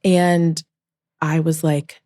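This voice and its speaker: Low-voiced young woman telling a story. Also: very slow, dry recording, clean studio sound. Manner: emotional, animated storytelling, acts out quoted voices. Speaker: podcast guest, former backup dancer. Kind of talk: storytelling in a podcast interview.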